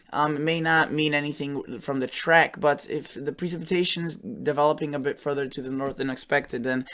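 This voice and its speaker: A man's voice: medium pitch, fairly bright tone. A man hosting a weather channel, talking casually through forecast model maps and often correcting himself mid-sentence.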